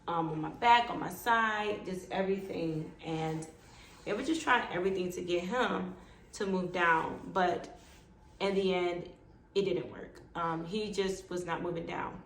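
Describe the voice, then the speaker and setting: Female vlogger, gravelly voice, mid-pitched, recounts her own story and acts out the dialogue. Roomy echo. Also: measured pace. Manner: animated, acts out quoted dialogue. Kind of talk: personal storytelling. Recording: echoey room with faint background noise.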